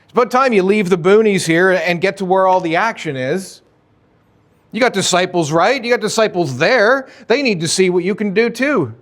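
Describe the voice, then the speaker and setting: A preacher voicing a sibling's brothers as they taunt and goad him, pushy and mocking. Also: male voice, a little high, huge pitch swings, moderate pace, few pauses.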